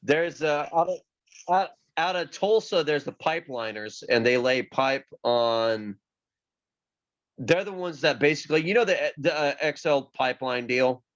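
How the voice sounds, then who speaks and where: A man telling rambling stories in casual chat, halting and full of fillers as he talks about pipefitting union work. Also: on the high side. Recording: slightly dull lo-fi sound.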